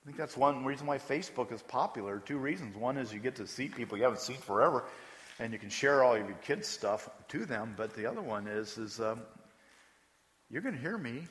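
Conversational pastor preaching in a hall. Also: male voice, mid-range voice, brisk, a bit bright. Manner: conversational, emphatic, asks the congregation questions. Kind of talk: sermon.

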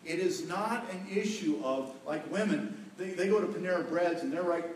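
A middle-aged male pastor preaching in a folksy, joking way, stressing key words by repeating them. His voice sits a little high and carries a heavy echo. It sounds picked up from across the hall, with faint room noise behind it. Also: moderate pace, distant mic. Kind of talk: sermon on marriage. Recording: echoey hall, voice from afar.

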